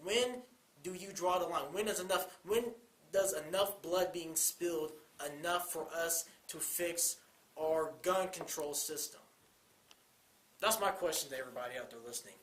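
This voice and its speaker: A man's voice: a little high, normal speed, fairly bright tone, a little hiss or hum. Young man, college co-host, impassioned and repetitive, roomy echo. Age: young adult. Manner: urgent, repetitive, rising to pleading. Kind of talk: impassioned commentary.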